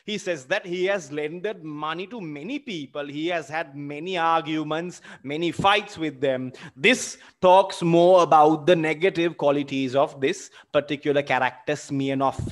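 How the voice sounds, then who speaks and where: High-voiced Sri literature teacher. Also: male voice, normal speed, few pauses. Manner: explains terms patiently, tags lines with "okay?" and "my friend". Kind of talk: explaining a play in a seminar.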